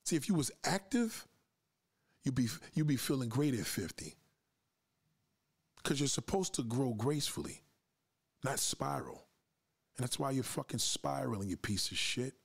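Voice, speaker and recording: A man's voice: mid-range voice, animated, moderate pace, vocal fry, pauses often, breathy edge. Fired-up, cursing man on a podcast. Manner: confrontational, profane, lecturing; asks listeners to push back. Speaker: podcast host. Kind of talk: livestream podcast rant.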